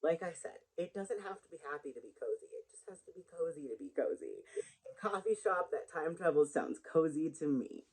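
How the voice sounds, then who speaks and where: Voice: mid-range voice, very animated, brisk, husky, rough recording. A rambling, chatty book vlogger talking casually to camera. They wander between thoughts and laugh at their own jokes. The sound comes from a built-in camera mic.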